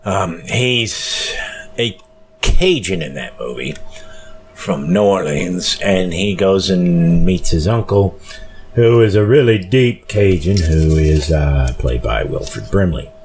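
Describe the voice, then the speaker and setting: A weary man with a low voice hosts a solo podcast, rambling casually and stopping often for fillers. He sounds plainly tired, and faint music runs in the background. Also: lively intonation, darkish tone. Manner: rambling, slow, full of fillers. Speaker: podcast host.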